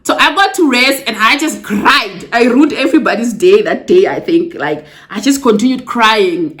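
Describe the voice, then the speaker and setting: A young woman from Africa, telling her own story to camera in a casual vlog. She talks to viewers as guys and drops exclamations like yay and yo. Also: medium pitch. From South Africa. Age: young adult. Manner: emotional, close to tears at times. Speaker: vlogger.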